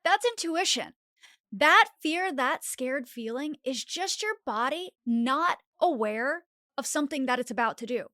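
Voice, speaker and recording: Young female podcast host, self-help monologue, chatty and animated, slightly high, dry close sound. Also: a little slow, no echo. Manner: animated, acts out inner voices with filler "like".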